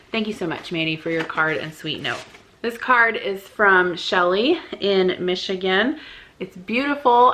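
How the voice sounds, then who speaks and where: A woman's voice: lowish voice, fairly bright tone. A woman in her thirties, a vlogger reading out viewer cards in a chatty, giggly way that rambles and restarts.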